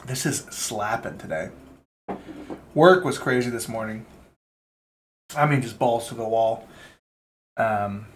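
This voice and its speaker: A young man talks straight to his viewers in a loose, meandering vlog chat. His voice sits at an ordinary middle pitch, and he drifts between thoughts with plenty of fillers and the odd curse. His delivery stays candid and unpolished. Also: slow, pauses often, slight background noise. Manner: rambling and candid, sprinkled with swearing and fillers. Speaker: vlogger. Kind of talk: casual chat to camera.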